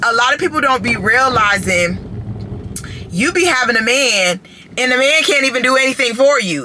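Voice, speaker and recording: A woman vlogging casually to her phone camera, animated and chatty, calling her viewers "baby" and "child.". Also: fairly high pitch, moderate pace, slight background noise.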